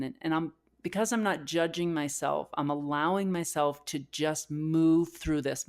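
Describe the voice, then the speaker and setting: A woman's voice: low-pitched, darkish tone. A woman co-hosting a podcast, candidly retelling a personal emotional experience with lots of fillers and restarts. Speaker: podcast co-host. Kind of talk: personal storytelling.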